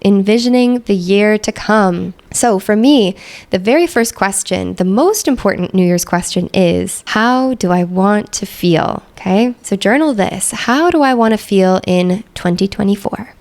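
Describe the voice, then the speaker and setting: A young woman coaching her listeners through a casual guided reflection, with a gravelly fry under her mid-pitched voice. She talks loosely and warmly, tossing in lots of "like" and "right?" along the way. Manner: chatty, many "like" and "right?" fillers. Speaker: podcast host and coach.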